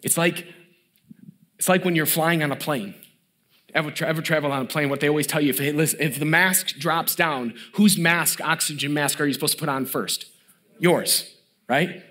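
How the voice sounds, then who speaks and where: A man in his thirties preaching a sermon as pastor, emphatic and building, dropping to a low hush on key words. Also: normal speed.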